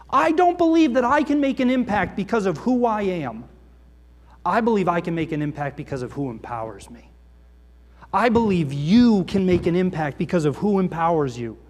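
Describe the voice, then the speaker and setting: A middle-aged male pastor preaching a passionate, emphatic sermon in a church, swinging between forceful urging and quiet intensity. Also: high-pitched. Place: church sanctuary. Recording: reverberant church hall.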